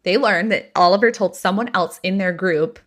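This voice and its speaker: A woman podcast host retelling a gossip story in a chatty, animated way, full of "like". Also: lowish voice, moderate pace.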